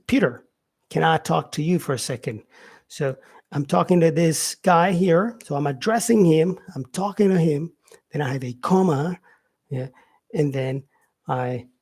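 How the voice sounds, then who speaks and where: A man's voice: a little high, a little mellow, slightly rough. Chatty man teaching English. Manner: repeats example sentences, frequent "yeah" and "um" fillers. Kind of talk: casual spoken lesson.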